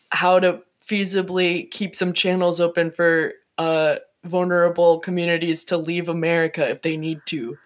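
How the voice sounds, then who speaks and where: Rambling, self-mocking woman podcast co-host. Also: fairly low pitch. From New York City. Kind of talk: casual chat. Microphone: microphone on a stand.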